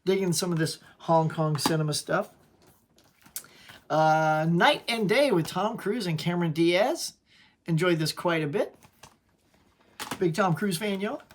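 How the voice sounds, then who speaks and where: A man's voice: high-pitched, a little slow, pauses often, slight background noise. A man hosting his own channel, chatting casually and upbeat as he shows his home movie collection and calls viewers "y'all". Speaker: channel host. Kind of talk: casual collection show-and-tell.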